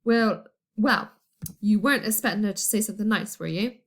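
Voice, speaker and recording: A woman's voice: mid-range voice, normal speed, lightly acted. A woman voicing a grumpy, bossy old grandmother who barks her words. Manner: barking, blunt.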